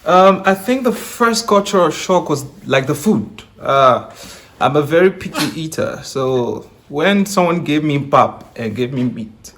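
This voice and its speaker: A young man with a Nigerian accent, talking casually as an interview guest, laid-back and quick to laugh, dropping slang into his speech. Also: fairly high pitch, lively intonation, fairly bright tone.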